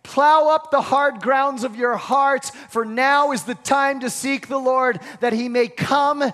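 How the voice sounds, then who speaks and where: A man preaching a sermon as pastor, emphatic and repetitive, sometimes dropping to a hushed prayerful voice. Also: extremely high pitch, steady tone, slow.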